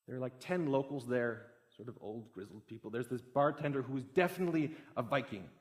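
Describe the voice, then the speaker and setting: A young man giving a public talk, telling a story with growing excitement. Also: mid-range voice, brisk. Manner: animated, builds excitement through a story.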